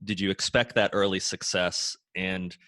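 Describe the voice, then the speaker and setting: A man with a fairly low voice hosts a casual interview, asking long, rambling questions with plenty of hesitation. His voice is recorded dry, with little room sound. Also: fairly even intonation, moderate pace, pushed and bright, no echo. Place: home den.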